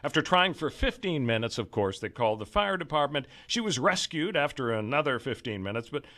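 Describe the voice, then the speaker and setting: A man's voice: mid-range voice, fairly quick. A man hosting a talk radio show, reading out news stories and chatting with his co-host. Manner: animated, reads news stories aloud with laughter.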